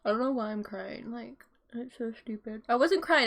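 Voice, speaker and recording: A young woman in her twenties giving excitable, giggly reaction commentary on a show, laughing and getting emotional as she watches. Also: a little high, moderate pace, vocal fry. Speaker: reaction vlogger.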